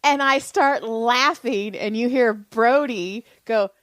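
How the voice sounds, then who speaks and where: Laughing, animated woman co-host with a dry sound. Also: fairly high pitch, slow pace, dry recording, rough recording. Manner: animated storyteller, laughs often, acts out quotes. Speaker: podcast co-host. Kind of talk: casual chat.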